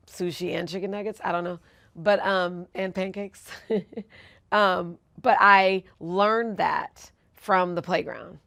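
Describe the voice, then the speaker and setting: Fairly low-pitched and creaky, this voice belongs to a forties-aged TV news anchor and author. Interviewed, she shares personal stories earnestly and reflectively, becoming animated when retelling specific moments.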